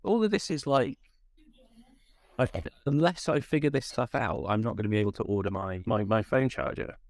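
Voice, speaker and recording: A man's voice: medium pitch, moderate pace, no echo. A man co-hosting a casual podcast, ranting in an exasperated, rambling way. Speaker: podcast co-host. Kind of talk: casual chat.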